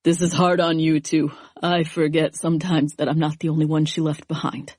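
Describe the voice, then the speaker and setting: A woman reading an audiobook voices a grieving young man, speaking softly and haltingly. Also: sits low, level tone, no room sound, studio quality. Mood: subdued. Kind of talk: audiobook character voice.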